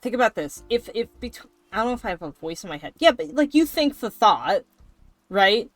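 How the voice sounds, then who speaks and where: A woman's voice: medium pitch, sing-song, a little fast, dry recording. A woman streamer chatting casually and rambling while she draws, swearing now and then. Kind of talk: casual chat while drawing. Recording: faint background music.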